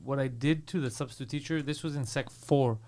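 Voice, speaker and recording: A man's voice: medium pitch, fairly quick, a little mellow. A man co-hosting a casual podcast, telling brash, profane stories about his school days. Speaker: podcast co-host. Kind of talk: casual chat.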